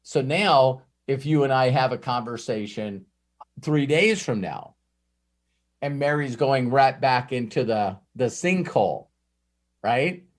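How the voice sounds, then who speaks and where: A man coaching a live mastermind group, telling animated stories and acting out quoted dialogue. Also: mid-range voice, slow.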